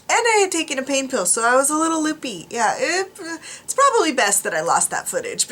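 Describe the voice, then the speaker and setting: A woman's voice: sits high, huge pitch swings, moderate pace, a bit bright, a little hiss or hum. Tired, rambling woman vlogger. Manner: rambling, trailing off, many restarts and ums. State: tired, drowsy. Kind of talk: casual chat to camera. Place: home studio.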